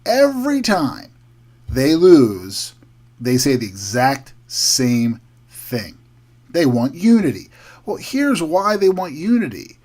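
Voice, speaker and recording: A man's voice: fairly high pitch, wildly swooping pitch, takes it slowly, darkish tone. A man hosting a heated, combative political commentary monologue. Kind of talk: opinionated podcast monologue.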